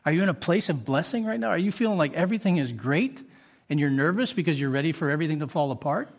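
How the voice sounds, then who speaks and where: Pastor guy giving an earnest sermon, keeps asking the crowd questions, kinda high voice. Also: lively intonation, quick pace. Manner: earnest preaching with rhetorical questions.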